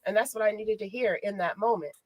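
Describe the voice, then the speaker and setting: A woman hosting a podcast as a life coach, telling personal stories in an expressive, motivational way. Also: mid-range voice, quick pace, dry recording. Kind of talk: casual podcast chat.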